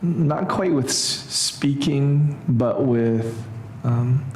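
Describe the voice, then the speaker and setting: A man leads an informal Greek lesson at a church and thinks out loud, circling back with fillers and restarts. His voice sits in the middle of the range, with some room echo. A faint ambient hum runs behind him. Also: medium pitch, extremely slow. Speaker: Greek class teacher. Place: church classroom.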